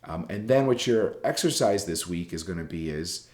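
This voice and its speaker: A man's voice: deep voice, animated, normal speed, a little mellow, echoey room. A man teaching a journalism writing class in a recorded lecture, talking casually and rambling, with many fillers and restarts.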